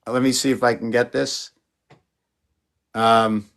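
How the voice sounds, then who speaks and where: Artist guy on a live stream, rambly and jokey, gets all excited then mumbles, ordinary pitch. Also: unhurried. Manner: rambling, playful, jumps between excited exclamations and muttering. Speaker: artist showing his paintings. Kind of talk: casual live-stream chat.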